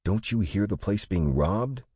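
A man's voice: fairly low pitch, lively intonation, measured pace, mellow, husky, no room sound, studio quality, pitched above the performer's own voice. A man voicing a sarcastic, impatient young male police detective. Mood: wry. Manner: sarcastic, teasing.

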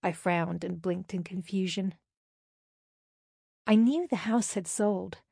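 Woman, first-person audiobook reader, steady intimate telling, dead dry sound. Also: mid-range voice, slow, gravelly, breathy edge, no room sound. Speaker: audiobook narrator.

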